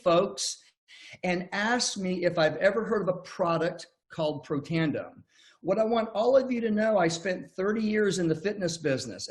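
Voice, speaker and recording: Folksy older man giving a pitch. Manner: folksy, storytelling, many restarts. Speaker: network marketing presenter. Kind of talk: online business presentation.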